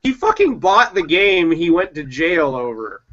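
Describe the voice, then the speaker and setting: A man's voice: a little high, big pitch swings, a little slow, fairly bright tone. A man from Mexico chatting casually on a stream, joking and swearing casually. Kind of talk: casual group chat on a livestream. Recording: dull lo-fi voice chat audio.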